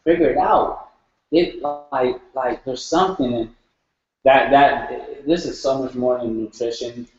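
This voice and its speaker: A man's voice: mid-range voice, measured pace, darkish tone. A man talking earnestly in a group share, searching for words and repeating himself. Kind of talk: heartfelt group sharing. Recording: echoey room, dull sound.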